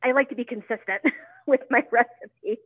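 A friendly woman caller from Ohio who laughs lightly as she asks her question. Her voice is slightly high and comes through a thin, tinny phone line. The sound is dry, with no echo. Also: normal speed, husky. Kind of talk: call-in question.

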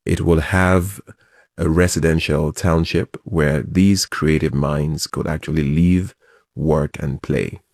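A man, a project founder giving measured, expansive interview answers. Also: very deep voice, steady tone, gravelly, a little mellow, dry recording, studio quality.

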